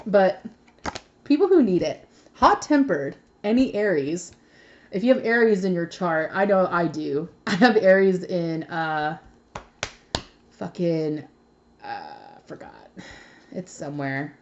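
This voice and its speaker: A woman's voice: fairly low pitch, lively intonation, a little slow, darkish tone, muffled recording, a little hiss or hum. Chatty, swearing young woman reading tarot. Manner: chatty, swears freely, laughs often. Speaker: tarot reader. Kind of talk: casual tarot reading vlog.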